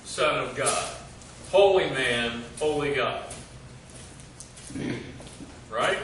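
Slow, halting man leading Bible study. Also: mid-range voice, expressive, a bit bright, recorded from a distance. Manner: halting, many fillers, quizzes the group. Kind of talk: group Bible study teaching. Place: church meeting room. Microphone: distant room mic. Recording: echoey room recorded from afar, noisy.

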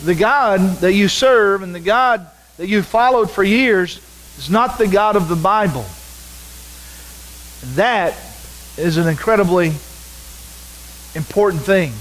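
A man's voice: high-pitched, rough recording. A man preaching a sermon as pastor, earnest and direct, repeating key words for emphasis.

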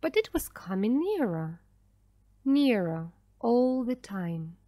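A woman narrating an easy-English storybook in a slow, careful, clearly spoken way. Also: fairly high pitch, big pitch swings, mellow, no echo. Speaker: audiobook narrator. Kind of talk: scripted narration of an easy graded reader.

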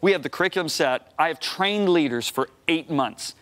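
A preacher in his sixties tells a long story as a talk-show guest in a television studio. His voice sits a little high for a man and jumps higher whenever the story heats up. He keeps it emphatic and lively. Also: normal speed. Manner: emphatic, rising to high excited outbursts.

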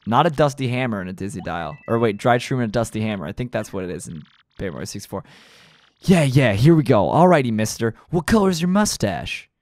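A man's voice: fairly low pitch, lively intonation, fast, darkish tone, no room sound. A young man chatting casually while playing through a video game. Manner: chatty, gushing, laughs easily. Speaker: let's play host.

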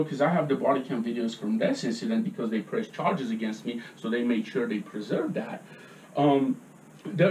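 A man's voice: medium pitch, darkish tone, dull audio. A man giving a heated public comment at a meeting, agitated and repeatedly pressing his points with "okay?". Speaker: resident speaking at a public meeting. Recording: echoey room from far off.

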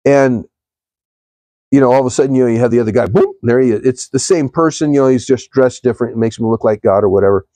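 A man talks through a devotional live stream, rambling through stories and turning to his viewers as he goes. His voice is mellow and soft-toned. It is recorded close and dry, with no room echo. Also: mid-range voice, racing, hardly any pauses. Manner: rambling storytelling, addresses viewers.

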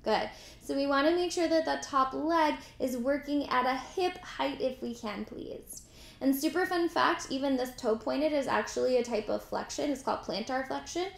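A woman's voice: high-pitched, normal speed, gravelly, roomy sound. Upbeat woman leading a pilates class. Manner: encouraging, counts reps aloud, chatty asides. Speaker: pilates instructor. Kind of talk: guided workout instruction.

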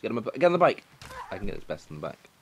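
Excitable young man yelling at a game. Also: on the low side, rapid-fire, highs cut off, a little hiss or hum. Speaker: gaming commentator. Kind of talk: let's play commentary.

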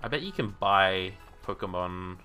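Animated, swearing game streamer man. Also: low voice, measured pace, soft background music. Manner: swears freely, laughs often, bursts into loud outrage. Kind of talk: casual gameplay commentary.

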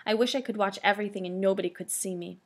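A meek, polite little girl from a storybook, voiced by a woman reader. She speaks timidly, even when she feels upset. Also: medium pitch, quick pace, natural voice.

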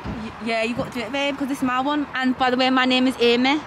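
High-voiced playful young woman outdoors. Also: steady tone, quick pace. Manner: playful, teasing. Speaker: friend on trip. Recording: noisy outdoor street.

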